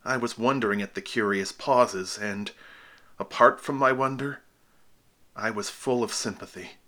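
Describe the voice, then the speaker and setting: A man narrating a horror story as an audiobook in a measured, unhurried storytelling manner. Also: on the low side, pushed and bright.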